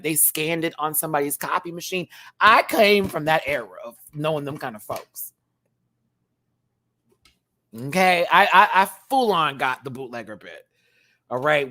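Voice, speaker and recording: A man in his thirties, a drag queen, giving a sassy, animated casual review and laughing often while answering viewers. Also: mid-range voice. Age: 30s. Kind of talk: casual chatty episode review.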